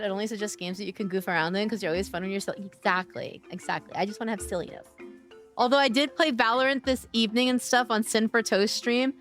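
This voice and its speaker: A woman streaming a game live, chatting and teasing her viewers by name, her voice worn from days of streaming. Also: mid-range voice. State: losing her voice. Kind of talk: casual live-stream chat.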